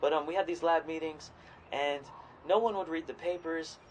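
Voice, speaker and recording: Rambling, profane man, slightly high voice. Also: fairly even intonation, moderate pace, slight background noise, rough recording. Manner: rambling, profane, swings into loud quoted voices. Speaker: podcast co-host. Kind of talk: casual chat.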